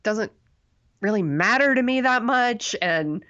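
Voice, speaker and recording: A woman's fairly high, expressive voice has a fairly bright tone, and she takes her time; the sound is lo-fi. Co-hosting a podcast, she rambles through a relaxed movie review, full of filler words and laughter at her own expense.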